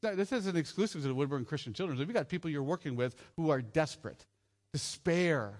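A man with a fairly high voice preaching a sermon in an easygoing, chatty way. He throws questions to the audience and keeps things light with jokes. He sounds middle-aged. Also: animated, fairly quick. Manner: conversational, jokey, asks the audience questions. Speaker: preacher at a children's home gathering.

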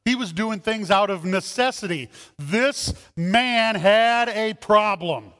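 A man preaching a sermon as a pastor, animated, acting out voices in his stories. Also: high-pitched, slow pace. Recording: long hall reverb.

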